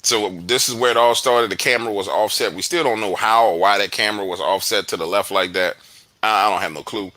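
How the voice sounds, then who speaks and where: A man recounting events in casual chat, slangy and animated, cursing freely. His low-set voice has a very bright, forceful edge. The sound is dry and close. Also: brisk, no room sound. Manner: animated storyteller, slangy, profane. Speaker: guest investigator. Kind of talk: casual podcast conversation.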